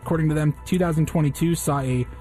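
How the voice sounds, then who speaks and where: A man's voice: on the high side, fairly even intonation, quick pace, dark tone, faint music behind. A male radio co-host reading out news items and definitions in casual banter. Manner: newsy, reads out items and definitions.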